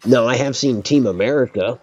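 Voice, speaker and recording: A man's voice: mid-range voice, brisk, dull audio. A man streaming a pirate game, chatting casually with a friend, joking, swearing freely and laughing often. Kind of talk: casual chat while gaming.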